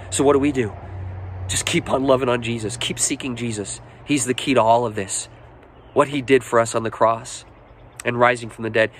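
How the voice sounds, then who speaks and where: A man in his forties preaching a heartfelt sermon in a voice of middle pitch. He rises to emphatic, lifted lines and then drops to near-whispers. A faint hum of noise sits behind him. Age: 40s. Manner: earnest, personal storytelling with emotional swells and hushed moments. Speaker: pastor.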